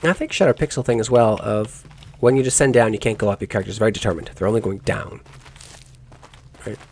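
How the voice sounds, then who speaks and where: A man's voice: fairly low pitch, fast talker, a little mellow, husky. A man giving let's play commentary on a game, musing aloud in rambling asides and correcting himself as he goes. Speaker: gaming YouTuber.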